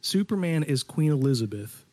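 A man's voice: fairly high pitch, sing-song, moderate pace, a little mellow, no echo. A man joining a casual podcast chat over a video call, joking in a wry way. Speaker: podcast co-host.

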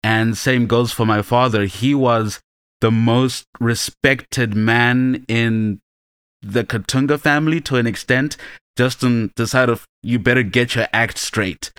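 A man reminiscing slowly and reflectively about his strict teachers and father on a podcast. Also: mid-range voice, fairly bright tone, clean tone, dry recording, clean studio sound. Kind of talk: reflective personal anecdote.

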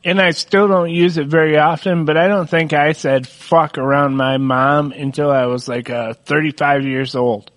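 A man in his thirties chatting casually, animated and quick to say "dude". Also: a little high, no echo. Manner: animated, says "dude" a lot. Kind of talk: casual chat.

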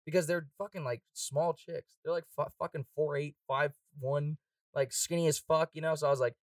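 A young man telling a party story in casual chat, profane and quick, laughing often and acting out quotes. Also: fairly high pitch, steady tone, no echo, far from the mic.

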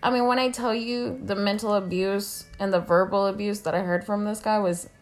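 A young woman co-hosting a podcast, telling a story in casual, profane chat and acting out the quotes loudly. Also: medium pitch, steady tone, fairly quick, soft background music. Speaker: podcast co-host.

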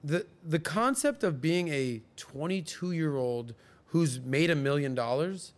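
Man host, thirties, lively anecdote teller, slightly higher voice, casual podcast chat. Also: takes it slowly. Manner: animated, acts out quoted people in higher voices.

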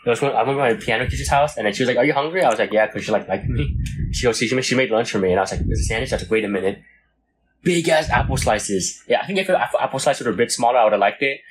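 A man's voice: medium pitch, very fast, slight background noise. A young man chatting casually as a podcast co-host, laid-back and slangy, with plenty of swearing. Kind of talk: casual chat.

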